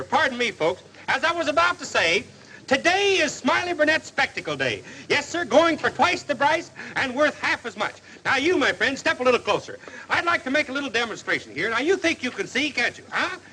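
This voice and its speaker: An actor playing a jolly traveling spectacles salesman with a folksy fast patter, in a 1940s western film. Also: bright, forceful tone, slight background noise, full character voice, rough recording. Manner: folksy fast-patter sales pitch, sings comic jingles. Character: jolly male huckster hawking spectacles, folksy and joking.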